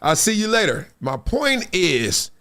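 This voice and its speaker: Animated high-voiced man telling a story. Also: unhurried. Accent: Southern California. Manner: lively, acts out quotes, laughs often. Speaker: host. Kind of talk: animated storytelling on a live show.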